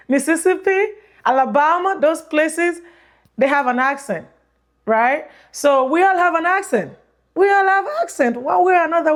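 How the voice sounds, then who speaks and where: A woman in her thirties with a Nigerian accent, chatting casually to viewers on her vlog through a plug-in mic, rambling and repeating herself. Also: sits high. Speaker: vlogger. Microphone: plug-in mic on phone.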